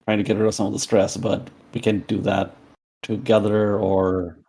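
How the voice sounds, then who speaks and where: A man's voice: lowish voice, little pitch movement, moderate pace, warm tone, husky. A man playing a tabletop game, who talks hesitantly and uses lots of fillers. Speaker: player. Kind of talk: casual tabletop play.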